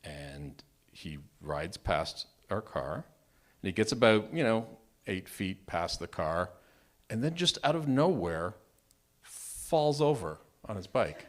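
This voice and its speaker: A married man telling a true personal story at a live open mic, animated and self-mocking, often restarting his sentences. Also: deep voice, slow. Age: adult, married. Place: storytelling venue, live event.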